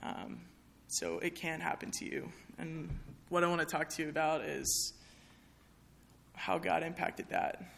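A woman's voice: deep voice, steady tone, measured pace, gravelly, a bit bright. A young woman speaking candidly to an audience in a chapel, sharing a personal testimony in a conversational way with many fillers.

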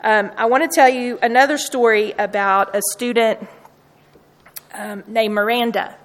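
A woman's voice: fairly high pitch, fairly even intonation, a little slow. A woman speaking earnestly to students, telling personal stories from her university work. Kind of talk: storytelling talk to students. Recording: long hall reverb.

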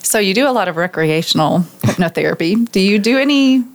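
A woman co-hosting an interview, cheerful, with lively, laughing interjections. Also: medium pitch, fairly quick. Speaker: podcast co-host. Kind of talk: casual interview chat.

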